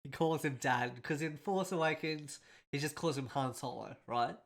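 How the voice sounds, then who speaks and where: A man's voice: a little high, normal speed. A man hosting a casual film breakdown, speaking in a rambling and emotional way with a congested, nasal voice. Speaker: host.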